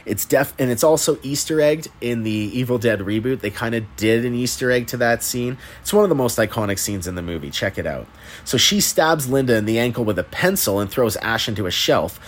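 A man's voice: mid-range voice, expressive, a little fast. Chatty, profane male movie host. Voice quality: chatty, profane, laughs at the plot. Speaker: podcast host. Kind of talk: casual movie recap.

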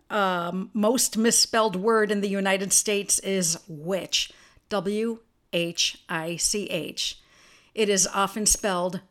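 A woman's voice: medium pitch, a bit bright. A woman hosting her own podcast in a casual solo monologue, chatty and spelling words out letter by letter. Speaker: podcast host.

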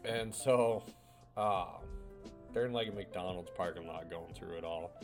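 A man's voice: sits low, measured pace, faint music behind. A man chatting casually with friends, telling a rambling, profane family anecdote with plenty of fillers. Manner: rambling, profane, loose storytelling. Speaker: storyteller among friends. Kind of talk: casual chat.

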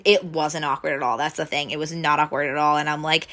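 A woman's voice: sits low, little pitch movement, fast, a bit bright. A young woman telling a story in a casual chat, full of "like" and acting out what people said. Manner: chatty, full of "like" fillers, acts out quoted lines.

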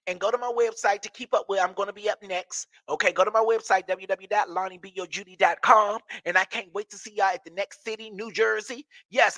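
Sassy high-voiced man from DC. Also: sharp tone, no room sound. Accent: Washington, DC. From Washington, DC. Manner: brassy, sassy, profane banter. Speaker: comedian hosting a live stream. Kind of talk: live-stream chat, reading viewer comments.

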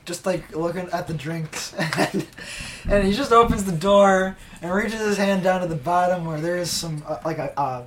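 A man's voice: high-pitched, normal speed, a bit bright, slight background noise. A man co-hosting a casual podcast, narrating in a rambling way and laughing often. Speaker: podcast co-host. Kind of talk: casual chat.

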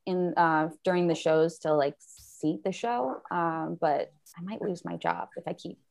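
A woman's voice: on the low side, steady tone, a little slow, vocal fry, darkish tone. Curious woman chatting as host. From Maryland. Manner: curious, asks questions, laughs easily. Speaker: comedian host. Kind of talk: casual chat.

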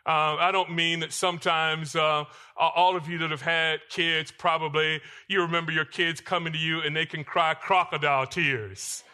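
A male pastor preaching a sermon in a church, swinging between loud emphatic lines and quiet asides. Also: fairly high pitch, level tone, normal speed, few pauses, smooth. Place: church sanctuary.

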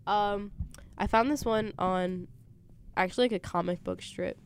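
A woman's voice: medium pitch, unhurried, clear, resonant tone. A young woman hosting a casual podcast, chatting and reading out listener questions. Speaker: podcast host. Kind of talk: casual chat.

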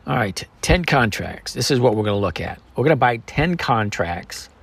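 A man's voice: mid-range voice, very animated, moderate pace, gravelly, a bit bright, breathy edge. A man hosting a podcast, chatting casually and joking as he walks through the numbers of a trade. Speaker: podcast host. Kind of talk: casual trading talk.

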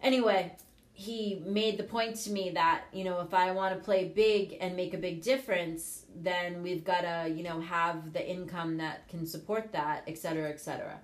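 A woman's voice: fairly low pitch, fairly even intonation, normal speed. A middle-aged woman coach and show host, talking frankly and casually, with the odd swear word. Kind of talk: casual motivational talk. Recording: echoey room.

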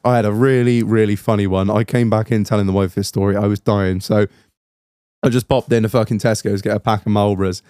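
A man's voice: lowish voice, steady tone, brisk, dark tone, dry recording, studio quality. A young man, a podcast host telling a story in casual chat, swearing and laughing his way through it.

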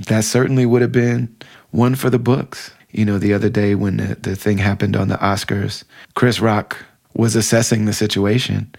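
Low gravelly man telling a story. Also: little pitch movement, normal speed, darkish tone. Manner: heartfelt, conversational, many fillers. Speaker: podcast guest telling a story. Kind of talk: casual storytelling.

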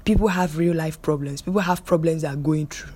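A woman's voice: low-pitched, a little fast, dark tone, husky. A young woman hosting her own podcast, talking emphatically and repeating phrases to drive her point home. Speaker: podcast host. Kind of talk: solo podcast monologue.

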